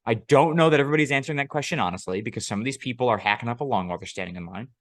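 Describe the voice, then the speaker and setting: A man's voice: mid-range voice, expressive, very fast, dry recording, clean studio sound. A man co-hosting a podcast, telling a long story in casual chat, profane and rambling, often laughing. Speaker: podcast co-host.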